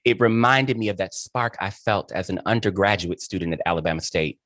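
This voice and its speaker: Gushing host with a dry sound. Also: male voice, low voice, a little fast, a bit bright, no echo. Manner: gushing, emphatic, dotted with "child" and "honey". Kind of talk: effusive interview chat.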